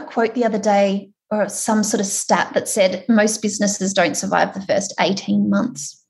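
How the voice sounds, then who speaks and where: A woman with an Australian accent presenting an online workshop over a video call, chatty, encouraging and animated. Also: medium pitch, a little slow, creaky.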